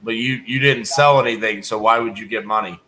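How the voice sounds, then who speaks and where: A man from Texas, a real estate wholesaler hosting a live sales call, asking calm, logical questions. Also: fairly low pitch, fairly quick, low-quality recording.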